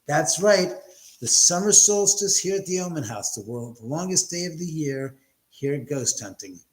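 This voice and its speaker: A man's voice: on the high side, animated, moderate pace, reverberant, poor audio. Rambling man hosting a livestream. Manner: rambling, joking, crude banter. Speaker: livestream host. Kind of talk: casual livestream chat with viewers. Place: room in a house.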